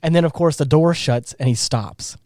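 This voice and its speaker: A man co-hosting a podcast, recapping a film in casual chat with animated, ranting energy. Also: fairly high pitch, normal speed, dry recording, studio quality. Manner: animated, ranting, breaks into exasperated laughs. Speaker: podcast co-host.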